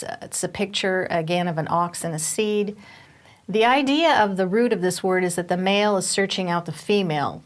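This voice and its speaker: A woman Bible teacher giving a recorded teaching session, explaining step by step with fillers and restarts. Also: on the low side.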